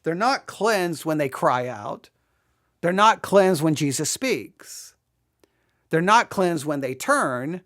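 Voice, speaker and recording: A Bible teacher giving an exegetical study, talking in an animated way, acting out quoted lines and often restarting sentences. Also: mid-range voice, takes it slowly. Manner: animated, acts out quoted speech, frequent restarts.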